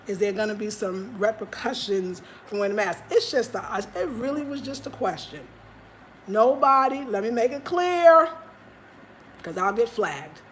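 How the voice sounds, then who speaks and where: A woman's voice: mid-range voice, a little hiss or hum. A woman hosting a live stream from Ghana, candidly chatting and answering viewer comments. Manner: candid, animated, talks straight to viewers. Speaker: livestream host. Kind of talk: casual chat reading viewer comments. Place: home in Ghana.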